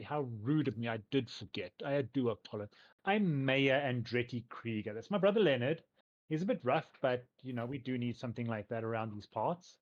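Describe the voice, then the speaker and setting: A man's voice: medium pitch, voice pushed up, natural voice. A man voicing an eager, fussy town mayor who gushes and rambles, on a dull lo-fi mic. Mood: welcoming. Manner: gushing, rambling, hurried.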